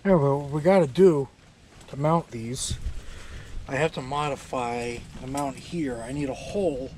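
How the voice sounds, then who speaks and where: A man narrating his own truck repairs in a relaxed, rambling way with many fillers. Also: medium pitch, normal speed, background noise. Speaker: DIY truck repair vlogger. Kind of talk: casual workshop narration.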